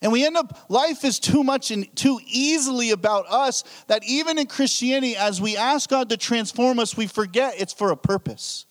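A man's voice: very high voice, moderate pace, few pauses. A pastor preaching a sermon, telling a story and acting out his own thoughts. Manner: animated storytelling with acted-out inner thoughts.

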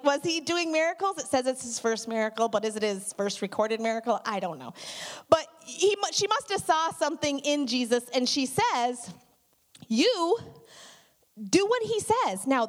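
A middle-aged woman with a slightly high voice gives a relaxed, conversational sermon. She tells stories in an animated way and breaks off into frequent asides. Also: a little fast. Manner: chatty, animated storytelling with many asides. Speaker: church speaker.

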